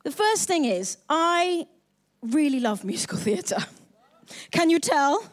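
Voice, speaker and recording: A woman's voice: sits high, big pitch swings, slow pace. A young woman pastor giving a live sermon in a bubbly, chatty, self-mocking way.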